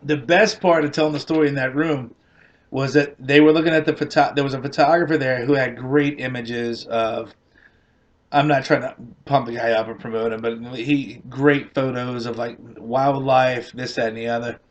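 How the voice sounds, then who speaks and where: A comedian with a Boston accent and a medium-pitched voice, heard in lo-fi sound, tells a rambling, profane story. He laughs at his own punchlines throughout this storytelling comedy rant.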